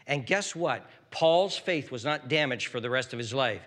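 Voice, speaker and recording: A man preaching a sermon as pastor in a church sanctuary, swinging from loud fervent preaching to hushed near-whispers. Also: medium pitch, expressive, moderate pace, few pauses. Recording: hall reverb.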